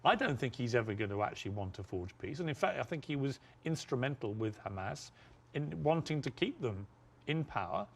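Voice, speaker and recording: A man's voice: medium pitch, lively intonation. Assertive male interview host. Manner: assertive, firm opinions, measured. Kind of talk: interview debate.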